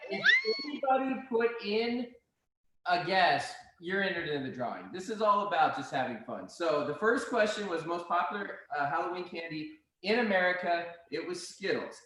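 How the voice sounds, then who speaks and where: A man announcing prize winners over a video call in a relaxed, offhand way. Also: high-pitched, moderate pace, heavy reverb, rough recording.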